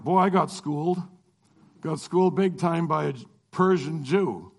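A man telling a personal story to an audience in a lively way, acting out the people he quotes. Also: a little high, gravelly. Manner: animated, acts out the people he quotes.

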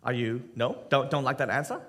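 A man's voice: mid-range voice, a bit bright. A man pastor preaching a sermon, joking with the congregation and acting out Bible scenes and everyday skits. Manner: addresses the congregation with quick asides.

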